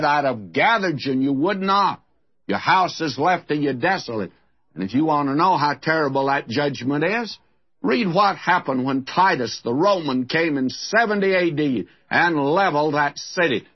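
A man giving expository Bible teaching in an earnest way, slowing down and turning solemn when he reads scripture aloud. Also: fairly high pitch, husky. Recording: dull lo-fi recording.

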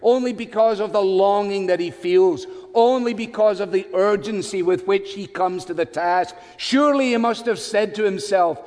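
High-voiced male preacher in a hall. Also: normal speed, few pauses, darkish tone. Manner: conversational, with chatty asides and self-corrections. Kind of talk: expository sermon.

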